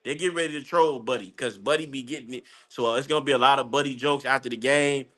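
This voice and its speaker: A man ranting casually about a basketball game as a fan, rambling and excitable, breaking into high laughing outbursts. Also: quick pace. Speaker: sports fan commentator. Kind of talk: casual live game-watching rant.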